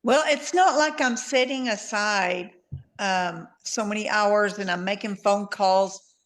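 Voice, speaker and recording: A woman's voice: medium pitch, slow pace, a bit bright. Woman, Southern drawl, chatty, easygoing storytelling. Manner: chatty storytelling, easy laughs. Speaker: guest distributor. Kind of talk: casual video-call chat.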